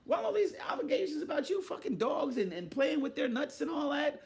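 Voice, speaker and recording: A man delivers an exasperated commentary rant, his voice pitched very high and swinging widely. He shouts often and mocks the people he talks about. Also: very animated, fairly quick, gravelly, hardly any pauses. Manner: loud, exasperated, often shouting, mock-quoting others. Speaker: commentary vlogger.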